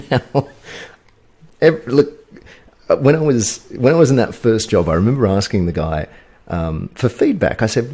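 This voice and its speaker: A man's voice: mid-range voice, expressive, unhurried, long pauses, warm tone, husky. A man, a guest on a podcast, telling stories casually with lots of fillers and restarts. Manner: rambling, storytelling with fillers and restarts. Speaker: guest, video agency owner.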